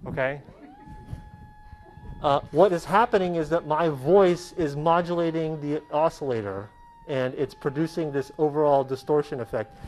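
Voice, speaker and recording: A man's voice: on the high side, moderate pace, rough recording. Casual man teaching a synth class. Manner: casual, checks in with frequent "okay?". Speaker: college professor. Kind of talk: hands-on classroom demonstration.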